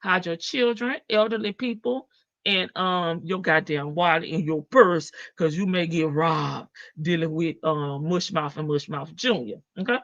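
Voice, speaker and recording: Sassy woman live-stream host, bright voice, brash and profane, dull lo-fi audio. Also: fairly low pitch, a little slow, dry recording. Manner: sassy, brash, swears freely and laughs often. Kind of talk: casual live-stream commentary. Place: home in Las Vegas.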